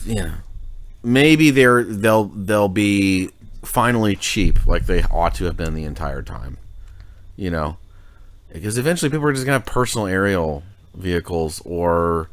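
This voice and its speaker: A man with a very low voice speaks in a dry, close recording. He co-hosts a call-in talk show, mostly agreeing briefly and then riffing casually about what the future might bring. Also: no room sound. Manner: short agreeing interjections, then speculative riffs. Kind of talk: casual chat.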